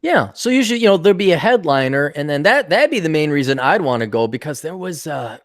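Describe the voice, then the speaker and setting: A male podcast host in casual chat, an animated storyteller who acts out the people he quotes. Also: on the high side, fast, no room sound, studio quality.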